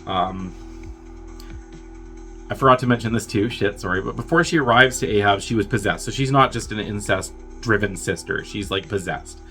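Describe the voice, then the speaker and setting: A man's voice: moderate pace, fairly bright tone, faint music behind. A man casually recapping a film's plot in a rambling way, acting out the characters' lines in bursts. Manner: rambling, acts out characters' lines with jumps in pitch. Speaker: podcast host reviewing a film.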